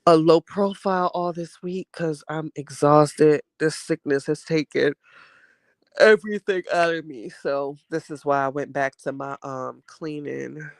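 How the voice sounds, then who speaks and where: A man's voice: fairly high pitch, measured pace, creaky, no room sound. A man vlogging in a chatty, sassy way while sick with a cold and a bit winded. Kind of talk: casual chat to camera.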